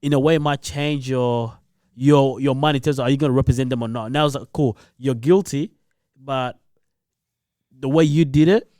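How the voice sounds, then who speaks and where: A man's voice: medium pitch, moderate pace, mellow, dry recording, studio quality. Slangy man arguing his point on a podcast. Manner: slangy, repeats himself, keeps asking if you follow. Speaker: podcast co-host. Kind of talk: casual chat.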